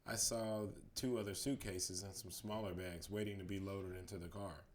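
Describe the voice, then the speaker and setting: A man reading a children's chapter book aloud as a bedtime story, steady in the telling and livelier on the quoted lines. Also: low voice, moderate pace.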